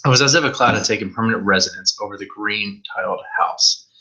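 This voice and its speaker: Bright-voiced man reading horror aloud. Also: lowish voice, quick pace, rough recording. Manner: stumbles over words, swears in asides. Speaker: horror story reader. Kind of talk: live horror story reading with asides.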